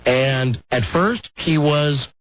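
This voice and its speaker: A middle-aged American man hosting a radio talk show, telling a self-mocking story in a lively, animated way. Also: a little high, slow pace, no room sound, low-quality recording. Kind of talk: casual on-air storytelling.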